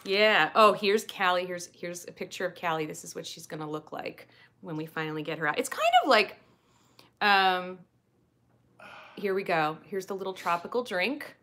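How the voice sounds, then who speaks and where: A woman's voice: on the low side, normal speed, sharp tone. A woman hosting a doll review channel, chatting casually and goofily while she unboxes a doll and answers viewer questions.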